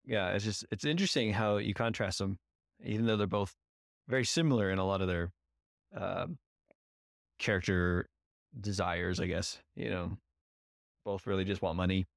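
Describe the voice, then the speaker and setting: A man's voice: lowish voice, moderate pace, no room sound, studio quality. A man co-hosting a podcast in casual discussion, upbeat and engaged as he talks through scenes. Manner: upbeat, engaged, animated when retelling scenes. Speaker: podcast co-host.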